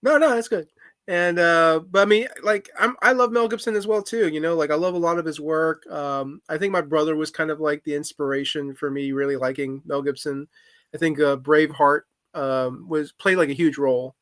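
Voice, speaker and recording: Hesitant bright-voiced man chatting. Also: fairly high pitch, fairly even intonation, normal speed, no room sound, clean studio sound. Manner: hesitant, many fillers and restarts. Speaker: podcast co-host. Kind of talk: casual chat.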